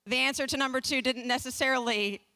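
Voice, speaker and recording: A woman's voice: high voice, fairly even intonation, fast talker, bright, forceful tone. A woman in her forties from the American South giving a humorous personal storytelling speech with comic timing, self-deprecating asides, and restarts. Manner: restarts and repeats words. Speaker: speaker at a community fundraising talk.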